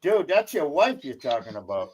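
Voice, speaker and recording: A man's voice: a little high, sing-song, moderate pace, husky. A man hosting a crude, casual live stream, teasing and rambling with profanity. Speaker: stream host.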